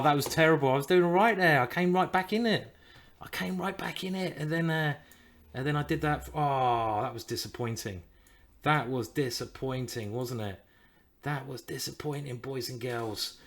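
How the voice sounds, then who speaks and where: A man's voice: mid-range voice, a bit bright. A man streaming live chess, thinking aloud about his moves and swearing and groaning when things go wrong.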